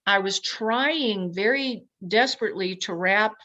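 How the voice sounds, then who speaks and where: A woman guest telling a personal story in a lively way, acting out her own past thoughts as quotes. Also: medium pitch, unhurried. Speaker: podcast guest. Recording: dull lo-fi sound.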